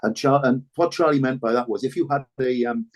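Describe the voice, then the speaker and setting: An older Welsh man, once a rugby fullback, reflects as a guest on a podcast, often repeating words and restarting. His voice is medium-pitched and fairly quick, and he's from Wales.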